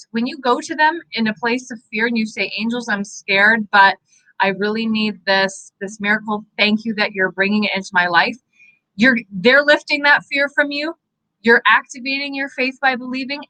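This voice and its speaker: A woman's voice: medium pitch, bright, forceful tone, poor audio. A young woman from Canada giving a live angel card reading in an earnest, encouraging, declarative way. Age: young adult.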